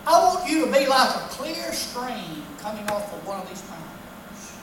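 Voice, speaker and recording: A stern, scolding God, as a woman preacher puts him on, delivered in a high voice. The words ring through a big echoing room, picked up from far off. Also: sing-song, normal speed, a little hiss or hum. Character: displeased God rebuking his people. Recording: echoey hall from far off.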